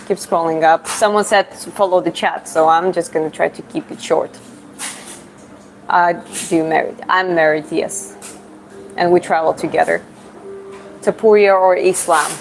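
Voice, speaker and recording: A woman from Georgia with a Georgian accent, a livestream host and fitness coach answering chat questions in a relaxed, chatty way, often searching for words. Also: fairly low pitch, normal speed, creaky, pauses often, faint music behind, low-quality recording.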